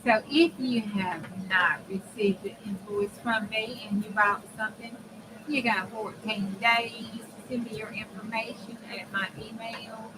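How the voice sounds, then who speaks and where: A woman's voice: a little high, steady tone, unhurried. A woman hosting a casual crafting livestream, chatting with viewers and laughing often. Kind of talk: casual chat while crafting. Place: home craft room with air conditioner running. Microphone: desk mic. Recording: faint room hum from fan.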